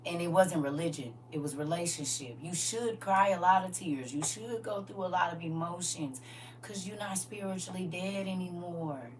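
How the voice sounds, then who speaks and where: A woman's voice: fairly low pitch, moderate pace. A woman preaching casually on a live stream, talking to viewers in a folksy, emphatic way and repeating "listen" and "y'all". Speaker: livestream preacher. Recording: slightly distant mic with faint hum.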